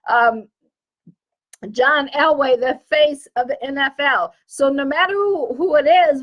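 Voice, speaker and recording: High-voiced Southern American woman coaching. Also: dull audio. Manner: lively, repetitive, emphatic, self-correcting. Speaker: online business coach. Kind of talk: casual teaching talk to camera.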